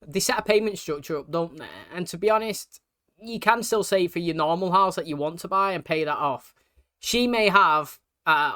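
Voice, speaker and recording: A man's voice: a little high, bright, forceful tone. A man giving casual reaction commentary, chatty and rambling, often asking if you know what he means. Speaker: reaction video host.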